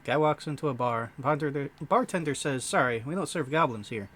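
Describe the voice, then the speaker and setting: A man's voice: mid-range voice, expressive, brisk, fairly bright tone. A man voicing a crazy squirrel-man comedian with a hokey, folksy stand-up delivery full of corny jokes. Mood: jokey.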